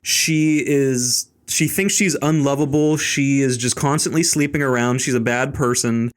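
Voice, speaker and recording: A man's voice: mid-range voice, steady tone, measured pace. A man hosting a casual podcast, bluntly ranting about a film with profanity and mocking impressions. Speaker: podcast host.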